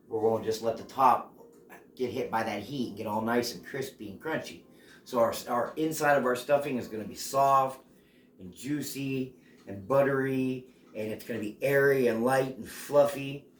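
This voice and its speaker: A man's voice: mid-range voice, a bit bright, a little hiss or hum. A man hosting a casual cooking demonstration at home, chatty and playful. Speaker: cooking show host. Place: home kitchen. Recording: echoey home kitchen.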